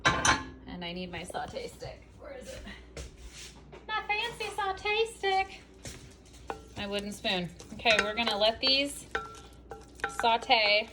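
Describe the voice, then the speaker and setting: A woman's voice: mid-range voice, background noise. A woman hosting a casual home cooking video, chatty and bubbly with playful asides, in her home kitchen.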